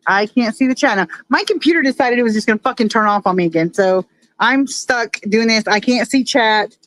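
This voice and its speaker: A woman's voice: on the high side, brisk, a bit bright, dry recording, poor audio. Frustrated woman swearing on a phone stream. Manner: frustrated, swears a lot, talks to chat. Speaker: streamer showing her fish tanks. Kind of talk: casual live-stream chat. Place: home room with aquariums.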